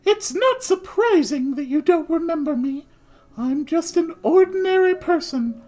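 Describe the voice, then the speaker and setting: A man doing a soft-spoken modest woman. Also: very high voice, lively intonation, a little slow, voice pushed up. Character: reserved retired woman, modest and quiet.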